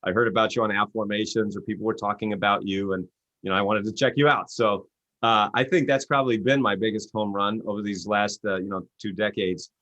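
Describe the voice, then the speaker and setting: Speaking briskly on a recording with no echo, an author and coach tells stories in an interview. He's animated and acts out the quoted voices, his pitch rising as he does.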